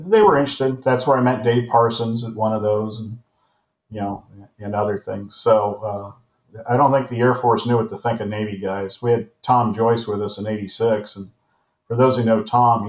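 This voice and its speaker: An older man in his sixties recalls his flying days in a loose, rambling way, breaking into chuckles. His voice sits at an everyday pitch, and the audio is roomy and somewhat dull. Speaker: former naval aviator guest. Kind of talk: casual storytelling.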